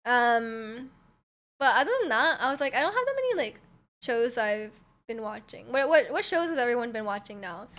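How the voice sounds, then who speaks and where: A woman's voice: a little high, sing-song, normal speed, fairly bright tone. A young woman chatting casually with her livestream viewers, rambling loosely and answering their questions as they come in. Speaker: livestreamer reading chat.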